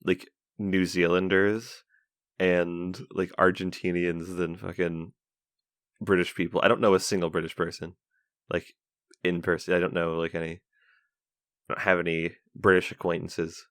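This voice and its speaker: A man's voice: deep voice, level tone, normal speed, a bit bright, no echo, studio quality. A man hosting a casual podcast chat, swearing and joking as he talks. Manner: profane, joking, laughs often. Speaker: podcast host.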